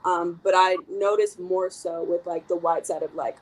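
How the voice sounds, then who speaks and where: A young woman in casual conversation, reserved and soft-spoken, speaking on a video call with lots of fillers. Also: lowish voice, fairly even intonation, normal speed, few pauses, low-quality recording. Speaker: co-host.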